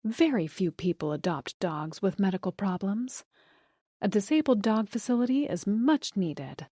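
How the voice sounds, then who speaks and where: A woman's voice: medium pitch, animated, normal speed, dark tone, slightly rough, no echo, clean studio sound. A woman voicing a poised society wife with a cool, guarded manner.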